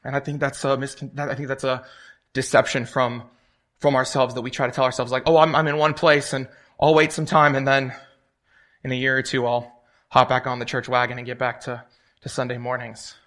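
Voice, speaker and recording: A young man preaches a conversational sermon, telling stories and acting out the voices of the people in them. He speaks a little fast in a medium-pitched, slightly bright voice with little pitch movement.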